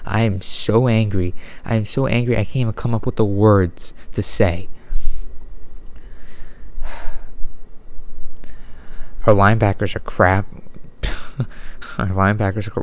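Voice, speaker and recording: A man delivering an unedited, exasperated sports rant with frequent sighs, deliberately holding his volume down. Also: on the low side, a little mellow, smooth. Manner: exasperated, sighing, ranting. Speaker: sports fan vlogger.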